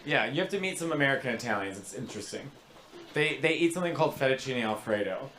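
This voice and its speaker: A man doing stand-up crowd work in a comedy club, animated and swearing, slipping into other accents and foreign phrases. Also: medium pitch, quick pace, very noisy.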